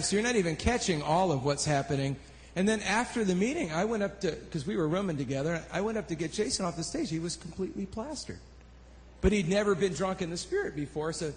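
A high-voiced man tells a church testimony in an animated way, acting out the other people in his story. He is recorded live in a hall with a long reverb. A faint hum sits behind him. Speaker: worship leader and music producer.

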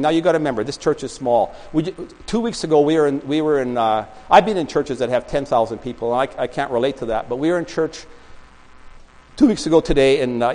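A pastor's medium-pitched, darkish voice comes through a low-quality recording of a small-church sermon. He rambles as he tells stories, often backing up to restart.

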